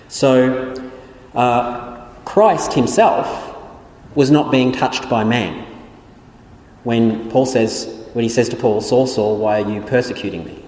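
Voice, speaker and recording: A man's voice: mid-range voice, unhurried, pauses often, a little mellow. A man giving a theology lecture in an explanatory way, often restarting his sentences. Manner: explanatory, many restarts and fillers. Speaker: Bible teacher. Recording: echoey room with long reverb.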